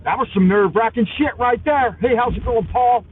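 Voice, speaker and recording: A man's voice: extremely high pitch, brisk, breathy edge. Foul-mouthed man ranting while driving. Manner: loud, crude, cursing, combative with other drivers. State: highly caffeinated. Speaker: vlogger, live-stream host. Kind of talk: profane driving rant on a live stream. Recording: tinny, phone-like with faint vehicle noise.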